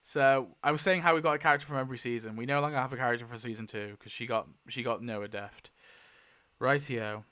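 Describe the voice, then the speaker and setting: Chatty man thinking out loud. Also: medium pitch, fairly even intonation, fast. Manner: chatty, thinks aloud, swears and laughs often. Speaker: YouTube host. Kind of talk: casual commentary while spinning a wheel.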